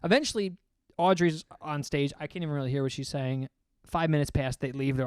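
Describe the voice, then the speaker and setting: A man's voice: a little high, fairly quick, clear, resonant tone, dry recording, studio quality. A young man, a stand-up comic, telling a story in casual podcast chat, acting out the people in it and leaning hard on "like". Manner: animated, acts out quoted voices, heavy filler "like".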